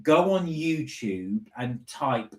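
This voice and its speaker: A man's voice: medium pitch, big pitch swings, slow, a little mellow, roomy sound. A man co-hosting a casual live stream, reading viewer comments aloud and teasing them. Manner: reads out chat messages, chatty and teasing.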